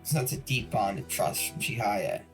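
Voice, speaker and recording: A man's voice: on the low side, lively intonation, moderate pace, far from the mic, faint music behind. A man hosting a game let's play, making casual wry asides. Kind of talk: casual commentary.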